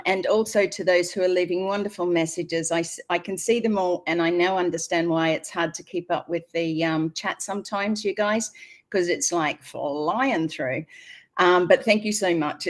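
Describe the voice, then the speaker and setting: A woman speaking on a video call, greeting everyone and starting her personal story with many fillers. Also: fairly low pitch. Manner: friendly, thanks everyone, halting with fillers. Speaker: guest on a live company update.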